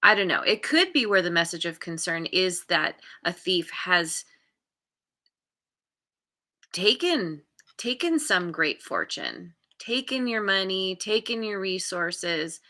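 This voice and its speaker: A woman reads tarot cards live, talking her way through each card at an unhurried pace. Her voice is bright and a little sharp, and her sentences meander and restart as she hunts for the right words. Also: lowish voice, big pitch swings. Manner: meandering, restarts often while searching for words. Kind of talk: live tarot reading, thinking aloud.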